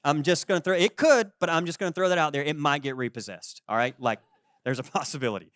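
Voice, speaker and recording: A man in his forties preaching a sermon as pastor, conversational and lively, acting out the people he quotes. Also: on the high side, fast talker, no echo, clean studio sound. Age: 40s. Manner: conversational, animated, acts out quoted voices.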